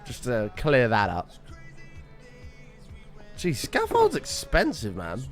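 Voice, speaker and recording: A young man hosting a casual gaming live stream, greeting viewers by name and chatting with excitable bursts, his voice slightly rough. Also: mid-range voice, slow pace, over music.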